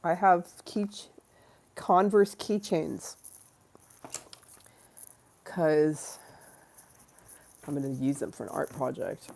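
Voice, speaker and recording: A woman's voice: low-pitched, expressive, takes it slowly, gravelly, pauses often, a little mellow. A woman hosting a casual livestream, chatting in a giggly, rambling way and breaking off her own sentences. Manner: giggly, rambling, self-interrupting. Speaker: livestream host. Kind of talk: casual chat.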